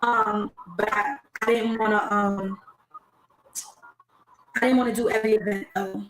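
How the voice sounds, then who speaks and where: Woman, battle rapper guest, laid-back chat, video call, roomy echo, faint background hiss. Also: medium pitch. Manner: relaxed, unhurried, with many restarts and fillers. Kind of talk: casual interview.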